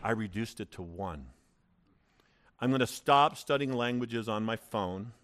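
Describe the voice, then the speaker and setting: A male pastor preaching a sermon in a church, telling personal stories in an animated way with stammering restarts. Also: on the low side, measured pace, slight background noise.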